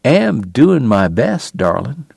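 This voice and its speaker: A man voicing a weary, tender dying gentleman. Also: mid-range voice, very animated, slow pace, creaky, husky, dry recording, exaggerated voice. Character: frail, gentle Southern gentleman dying of illness. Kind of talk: audiobook character voice.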